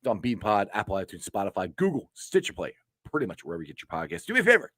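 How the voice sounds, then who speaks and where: A man hosting a casual football show, laughing a lot and talking loosely and excitedly. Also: on the low side, racing, dry recording, clean studio sound. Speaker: show host. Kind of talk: casual sports show chat.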